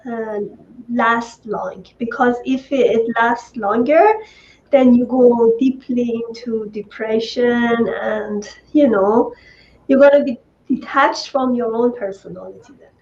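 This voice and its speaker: A woman host, speaking in a measured, reflective way with frequent fillers. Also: a little high, lo-fi sound, a little hiss or hum. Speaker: host, coach. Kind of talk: interview talk.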